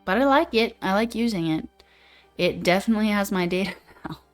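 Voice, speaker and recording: A woman's voice: mid-range voice, expressive, a little fast, faint music behind. A young woman hosting a livestream, chatting casually and reading viewer comments aloud in a laid-back, playful way. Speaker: livestream host.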